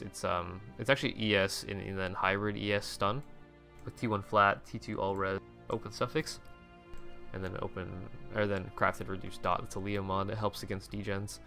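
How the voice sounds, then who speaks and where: Brief: young male gamer, low gravelly voice with a bright edge, loose, profane commentary, faint music behind. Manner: rambling, swears often, lots of restarts. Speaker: gaming video creator. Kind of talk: casual commentary over game screenshots.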